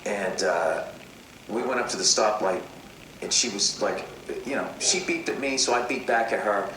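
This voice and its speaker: A male comedian telling a comedic story as a rant, animated and full of profanity. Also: fairly low pitch, moderate pace. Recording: roomy, distant recording with faint noise.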